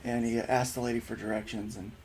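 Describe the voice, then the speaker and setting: A man chats casually on a stream, telling a halting, rambling story. Faint noise sits behind his voice. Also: mid-range voice, little pitch movement, creaky, darkish tone. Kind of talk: casual chat.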